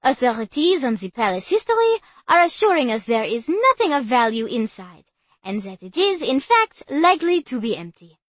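A woman voicing a brisk French woman tour guide, with a French accent, announcing formally to a group. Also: high voice, very animated, no echo. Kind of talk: audiobook character voice.

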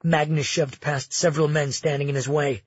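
A man narrating a fantasy audiobook in a steady, measured way. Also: fairly high pitch, breathy edge, dry recording, lo-fi sound.

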